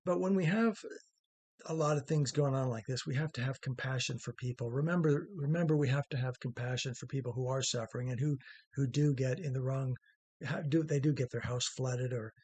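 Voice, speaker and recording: A man's voice: medium pitch, fairly quick, a little mellow, slightly rough. A middle-aged man hosting an opinion commentary monologue, rambling and conversational with many fillers and restarts, earnest in tone. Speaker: host.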